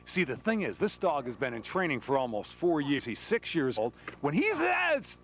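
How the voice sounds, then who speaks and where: A man anchoring a live TV sports segment outdoors, lively and joking with his guests. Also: a little high, moderate pace, slight background noise.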